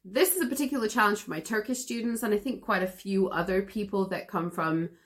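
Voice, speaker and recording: A woman teaching pronunciation in a podcast lesson, calm and encouraging in a conversational way. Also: mid-range voice, brisk. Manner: calm, encouraging, explains at an even conversational pace. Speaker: English teacher.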